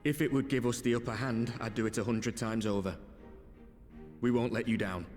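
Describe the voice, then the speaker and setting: A man plays an eager young soldier with a Northern English accent, speaking at an ordinary middle pitch in a game cutscene. His voice is slightly rough around the edges, and he sounds earnest and loyal. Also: steady tone, normal speed, a little mellow, soft background music, lightly acted. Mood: determined.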